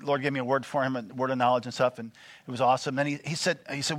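A man preaching a sermon, animated and full of call-and-response questions to the congregation. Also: medium pitch, very fast, dry recording. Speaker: pastor.

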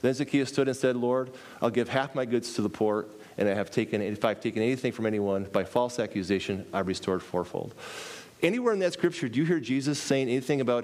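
Male preacher, sermon delivery, lively, repeats lines for emphasis, mid-pitched voice. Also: fast. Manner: animated, acts out dialogue with pitch jumps.

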